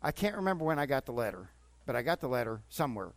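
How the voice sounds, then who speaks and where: A man's voice: mid-range voice, very animated, quick pace, dry recording. An older man, a pastor preaching a sermon in church, moving from conversational teaching to fervent exhortation.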